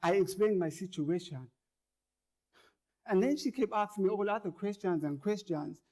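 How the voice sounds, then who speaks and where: A man's voice: sits high, moderate pace. Earnest man telling his own story. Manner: earnest, repeats words and phrases, grows louder as tension builds. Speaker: monologue performer. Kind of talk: performed first-person storytelling.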